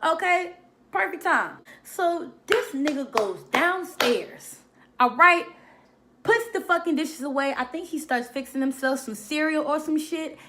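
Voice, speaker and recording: A woman's voice: high-pitched, lively intonation, measured pace, sharp tone, a little hiss or hum. A woman giving a casual, profane and sassy review of a reality TV episode, with emphatic commentary. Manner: mocks people by mimicking their lines. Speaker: reality TV recap vlogger.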